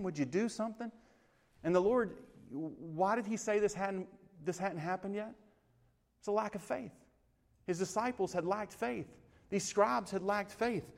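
A man's voice: high-pitched, darkish tone. A man preaching a sermon, earnest and building to impassioned emphasis, citing scripture verses by reference. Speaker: pastor.

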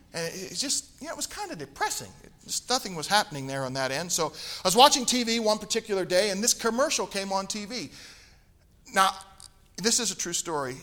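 A middle-aged man from Tennessee delivers a sermon, his high voice carrying a bright, ringing tone. He tells stories in a lively way, sinking into soft asides before breaking into loud, emphatic bursts. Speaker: preacher. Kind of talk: sermon with a humorous personal story.

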